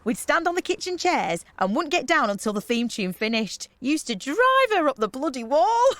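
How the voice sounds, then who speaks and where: A woman's voice: sits high, big pitch swings, normal speed, no echo. An actress playing a brash, boozy young woman organising a party trip in a comedy radio play, cheeky and slangy.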